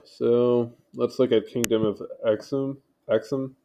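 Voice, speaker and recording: A video host reads wiki articles aloud at home on a home mic, in a casual read-along style. His medium-pitched male voice is steady, warm and unhurried. He stumbles over names and drops in offhand remarks.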